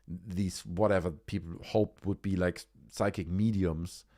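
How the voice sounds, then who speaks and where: A man's voice: sits low, fairly even intonation, unhurried, a little mellow. A man hosting a livestream, giving casual, sarcastic commentary and swearing freely. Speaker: livestream host.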